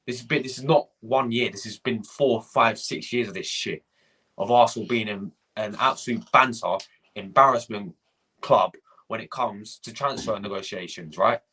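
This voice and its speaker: Ranting man, forceful husky voice. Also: on the low side, moderate pace. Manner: ranting, swearing, repeating himself. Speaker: fan channel host. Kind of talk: live-stream rant reading chat.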